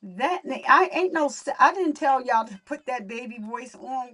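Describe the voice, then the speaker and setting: A woman's voice: high voice, animated, normal speed, hardly any pauses, sharp tone, recorded from a distance, slight background noise. A young woman hosting a casual livestream, chatting to viewers while fixing her audio. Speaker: livestream host.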